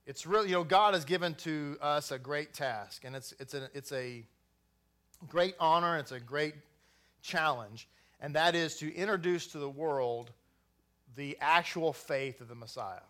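Bright, high-voiced man preaching. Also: unhurried. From Texas. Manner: conversational preaching with asides and restarts. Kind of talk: sermon.

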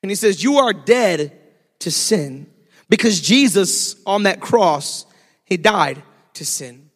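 A man preaching a sermon in a sung, rising cadence, breaking into shouts on key phrases. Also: high-pitched, expressive, takes it slowly. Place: church sanctuary. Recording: long reverb of a large hall.

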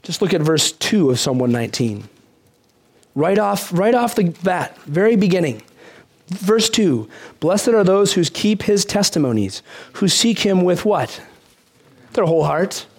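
A man's voice: high voice, sing-song, measured pace. A man preaching a sermon in a conversational way, asking the congregation questions and telling a story from his childhood. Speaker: pastor.

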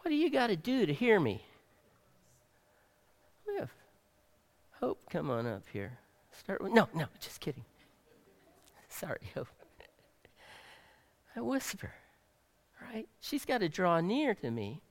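Male pastor, sermon delivery; slow, dramatic, loud-to-hushed swings, recorded in a reverberant hall. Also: high voice, wildly swooping pitch. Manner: dramatic, swings between loud emphasis and soft near-whispers.

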